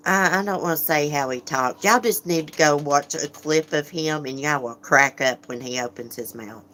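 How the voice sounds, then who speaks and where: A woman's voice: low-pitched, normal speed, sharp tone, slight background noise. A woman hosting a casual livestream, chatting frankly, laughing often and greeting viewers as she reads comments. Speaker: livestream host.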